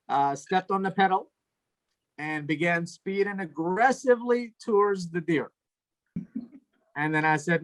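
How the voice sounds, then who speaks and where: A young man doing a stand-up comedy set over a video call, telling stories in a deadpan way. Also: high-pitched. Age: young adult. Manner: storytelling, deadpan, trailing into laughter.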